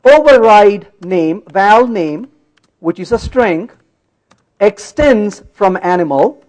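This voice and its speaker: High-pitched, lively playful tech speaker. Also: male voice, poor audio. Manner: playful, teasing the audience, asks frequent checks. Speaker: conference speaker. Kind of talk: live-coding tech talk. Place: conference hall.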